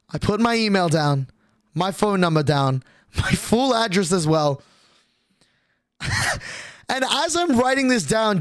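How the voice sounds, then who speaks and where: A man's voice: high-pitched, no echo. A young man streaming, telling a rambling, profane story and acting out quotes in a casual way.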